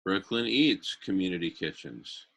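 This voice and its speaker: A man pitching an idea in a community meeting, rambling and enthusiastic with many fillers and restarts. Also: expressive, measured pace, creaky, fairly bright tone. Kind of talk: brainstorming in a group meeting.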